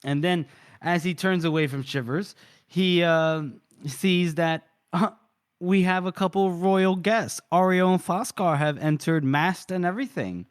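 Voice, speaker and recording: A man co-hosting a book podcast, retelling scenes in an animated, casual way. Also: high-pitched, unhurried, clean tone. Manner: animated retelling, frequent laughs. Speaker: podcast co-host.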